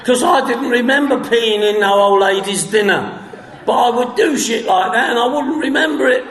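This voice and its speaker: A man's voice: very high voice, normal speed, a bit bright, reverberant. An older man from England with a London accent, giving a rambling personal testimony at a recovery meeting. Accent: London English. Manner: rambling storyteller, acts out both sides of a phone call.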